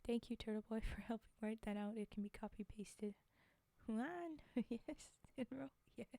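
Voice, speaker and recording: A woman reads a fairy tale aloud on a live stream, pausing often to laugh and chat with her viewers. Her voice is fairly high yet mellow and soft. The close microphone sounds dry, with no room echo. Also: gravelly. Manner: chatty asides to chat, frequent laughs. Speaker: storyteller streamer.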